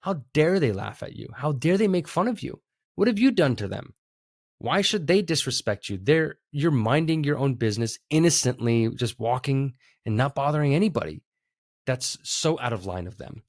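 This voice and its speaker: A man's voice: mid-range voice, expressive, no room sound, studio quality, pitched above the performer's own voice. A man playing an indignant, protective companion. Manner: outraged rapid questions.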